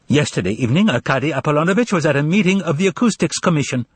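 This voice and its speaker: A man voicing a haughty, shrill older wife who talks quickly and sharply. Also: animated, husky, no echo.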